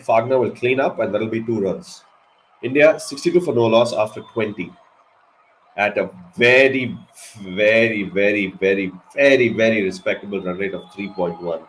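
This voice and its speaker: A man giving live ball-by-ball cricket commentary on a watch-along stream, excitable and swearing at big moments. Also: medium pitch, slight background noise, poor audio. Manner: excitable, swears, animated reactions.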